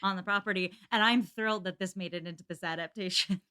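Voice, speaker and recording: A woman's voice: mid-range voice, fairly even intonation, quick pace, pushed and bright, clean tone. A woman guesting on a podcast in casual chat, making wry asides and playfully quoting characters.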